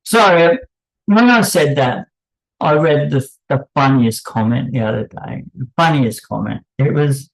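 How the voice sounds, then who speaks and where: A man's voice: mid-range voice, measured pace, gravelly, rough recording. A man hosting an unscripted commentary, candid and blunt, rambling off on tangents as he talks. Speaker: channel host.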